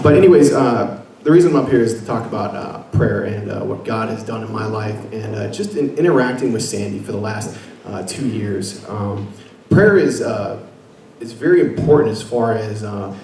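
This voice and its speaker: Young man, earnest testimony, halting with fillers, echoey room, distant mic. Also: fairly low pitch, a little mellow. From Washington State. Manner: earnest, many fillers and restarts. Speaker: guest speaker. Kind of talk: personal faith testimony at an event. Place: meeting room with an audience. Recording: echoey room, picked up from afar, faint noise.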